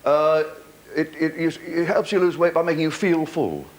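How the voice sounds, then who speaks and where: A man's voice: on the high side, steady tone, moderate pace. An older British man doing stand-up comedy with wry, punchline-driven timing, taking questions from a studio audience. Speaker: comedian host. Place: TV studio before a live audience. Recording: loud studio audience laughter, noisy old tape.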